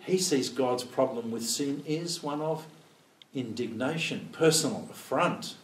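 A man teaching an informal Bible study, thinking out loud and tossing rhetorical questions at his listeners. He slips into acted-out quotes of prayers now and then. His voice carries through a roomy, echoing space, picked up from some distance with a faint hum of ambience. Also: mid-range voice, measured pace.

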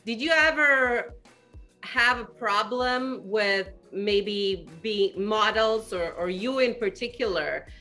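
A woman interviewer asking slow, leading questions in a casual interview. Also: mid-range voice, bright, forceful tone, faint music behind.

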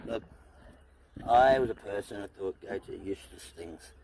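This homestead vlogger, a middle-aged Australian, chats to camera outside on his farm with goats around him, earnestly rambling and full of fillers and false starts. He speaks at a normal speed in a fairly low, gravelly, mellow voice. The low-quality recording carries a little hiss or hum.

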